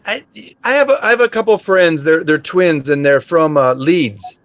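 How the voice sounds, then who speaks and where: A man's voice: fairly high pitch, normal speed, no echo. A man with a Texan accent chatting easily in a casual talk, with hesitant phrasing. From Texas, United States. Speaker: co-host. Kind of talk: casual chat. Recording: dry, dull lo-fi audio.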